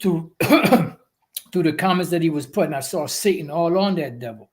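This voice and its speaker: A man's voice: fairly high pitch, moderate pace. A man preaching and teaching scripture in a rambling, repetitive way, with profane asides and many "you know" fillers. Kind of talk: livestream religious teaching.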